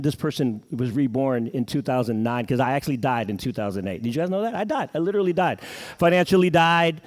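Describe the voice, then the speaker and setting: A middle-aged man giving a live motivational talk to an audience in an event room, pumping up the crowd with questions. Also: medium pitch. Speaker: motivational speaker at a sales event.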